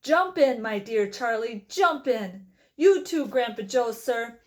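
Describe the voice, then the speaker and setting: A woman reading aloud and voicing an excitable, eccentric male candy maker with a bubbly, theatrical manner. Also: a little high, slow pace. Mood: delighted.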